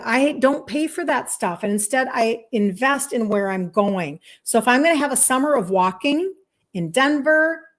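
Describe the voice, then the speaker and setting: A woman in her fifties, a health coach, talking to viewers in a chatty, emphatic way and laughing often. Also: a little high. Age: 50s. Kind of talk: casual monologue to viewers.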